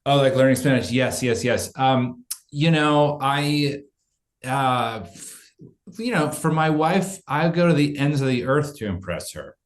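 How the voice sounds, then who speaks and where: A man actor in an interview, joking in a self-deprecating, halting way. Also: mid-range voice, lively intonation, reverberant. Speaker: actor guest. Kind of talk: video interview answers.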